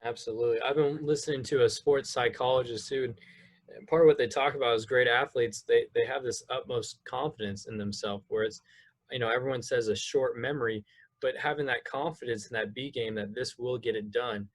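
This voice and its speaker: A man's voice: medium pitch, fairly even intonation, fairly quick. A man hosting a casual podcast interview, upbeat and jokey, asking long rambling questions. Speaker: podcast host.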